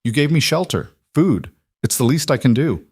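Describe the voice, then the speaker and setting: A man reading a storybook voicing a frightened young woman who fled a cruel man, in a soft, guarded, pleading way. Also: mid-range voice, animated, moderate pace, breathy edge, pitched above the performer's own voice.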